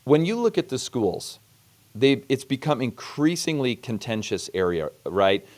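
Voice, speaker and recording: A man hosting an interview, talking in a measured, serious way. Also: mid-range voice, very animated, a little mellow. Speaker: host. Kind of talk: earnest interview conversation.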